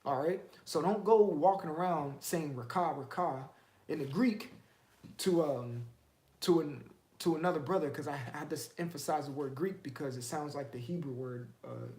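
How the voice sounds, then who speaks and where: A man's voice: fairly high pitch, normal speed, darkish tone, reverberant. A man teaching the Bible in a casual, streetwise way, firing off emphatic rhetorical questions.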